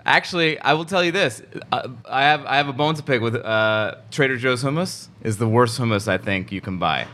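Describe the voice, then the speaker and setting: A man's voice: mid-range voice, animated, a little fast, hardly any pauses, bright, forceful tone. A man hosting a podcast, a comedian bantering with his guest in a joking, teasing way with crude humor.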